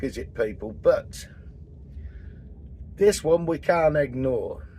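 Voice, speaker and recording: A man in his sixties, from England, ranting in a casual vlog, blunt and full of swearing, with a husky voice. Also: on the high side, a little mellow, a little hiss or hum. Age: 60s. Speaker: vanlife vlogger. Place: in and around a camper van, partly outdoors.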